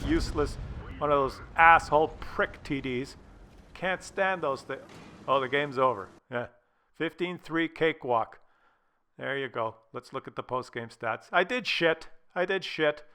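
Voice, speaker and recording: A man's voice: on the high side, bright, forceful tone, a little hiss or hum. A man giving casual gameplay commentary, ranting and swearing, with many fillers and restarts. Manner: filler-heavy, restarting phrases. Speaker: gaming channel host.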